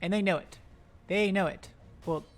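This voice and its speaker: An esports caster giving live play-by-play commentary, rapid-fire and excitable, breaking into loud exclamations and talking to the players on screen. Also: mid-range voice. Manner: talks to the players on screen, self-deprecating asides.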